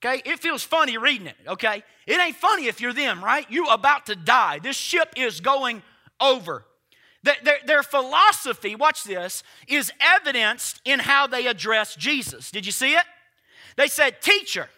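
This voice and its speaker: A man's voice: extremely high pitch, lively intonation, moderate pace, bright, forceful tone. A man preaching a sermon emphatically, firing rhetorical questions at his congregation. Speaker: pastor.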